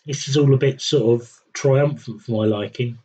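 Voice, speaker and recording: A man's voice: medium pitch, fairly even intonation, normal speed, mellow, husky, lo-fi sound. A man streaming a strategy game, talking to himself in a wry, rambling, self-mocking way. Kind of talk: rambling live-stream commentary.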